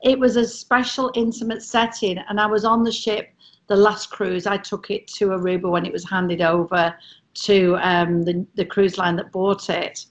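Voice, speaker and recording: A woman's voice: mid-range voice, level tone, moderate pace. A middle-aged English woman, a former cruise ship entertainer, telling chatty, self-mocking stories on a video call. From England. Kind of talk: casual storytelling on a video call.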